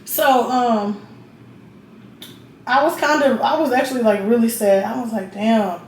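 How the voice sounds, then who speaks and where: A young woman talks straight to camera, blunt and profane and full of asides to the viewer. Her voice sits a little high. The room adds a roomy echo over a faint hiss of noise. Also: measured pace. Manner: blunt, profane, chatty, keeps checking in with the viewer. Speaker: vlogger. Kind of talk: casual storytelling while getting ready.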